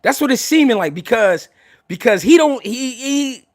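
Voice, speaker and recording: A man's voice: very high-pitched, lively intonation, normal speed, dry recording, clean studio sound. A man hosting a livestream, talking heatedly to his chat, stammering and repeating words as he restarts. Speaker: livestream host answering chat. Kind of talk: emotional unscripted livestream talk.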